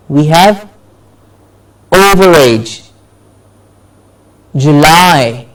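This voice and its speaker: A male pronunciation teacher leading a class, modelling words slowly and carefully so students can repeat them. His voice sits a little high and his pace is unhurried and drawn out. He is picked up from a distance, away from the microphone. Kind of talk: classroom lesson. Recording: voice from far off the mic.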